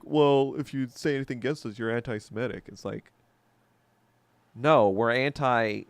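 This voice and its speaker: Man, podcast host, gravelly voice, low pitch, blunt profane rant. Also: dry recording. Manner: profane ranting with many filler likes; blunt, jumpy topic changes. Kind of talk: solo livestream chat, answering viewers.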